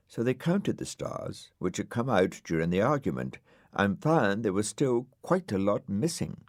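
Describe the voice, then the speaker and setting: A man reads a children's story in a gently droll, expressive manner. His low voice rises and falls widely at an unhurried pace. The close studio sound is dry. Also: no room sound. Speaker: audiobook narrator. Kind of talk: scripted storybook narration.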